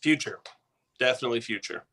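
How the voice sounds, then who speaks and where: A man's voice: medium pitch, fast talker, pushed and bright, breathy edge, poor audio. A man as a guest on a casual talk show, making dry jokes and wild exaggerations. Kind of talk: casual chat.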